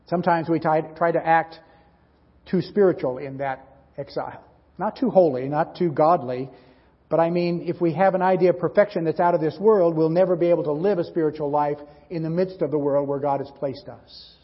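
A man's voice: fairly high pitch, a little fast, breathy edge. A man preaching a sermon, telling a story with earnest delivery and acting out its dialogue. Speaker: pastor. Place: church sanctuary. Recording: dull, roomy church hall audio.

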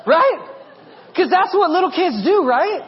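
High-voiced pastor preaching with humor. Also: male voice, measured pace, dull audio, some chatter behind, a little hiss or hum. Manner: animated, humorous storytelling. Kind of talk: sermon.

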